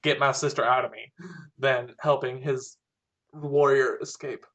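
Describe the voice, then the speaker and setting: A man's voice: medium pitch, little pitch movement, unhurried, a bit bright. A young man co-hosting a casual chat, rambling with lots of fillers and dry humor. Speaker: podcast co-host discussing fan fiction.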